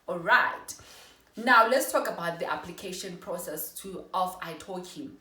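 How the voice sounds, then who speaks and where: A young South African woman giving a casual how-to talk to her viewers, chatty and quick to correct herself. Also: lowish voice, pushed and bright, distant mic. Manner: chatty, apologetic self-corrections. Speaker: vlogger. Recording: echoey room, voice off-mic.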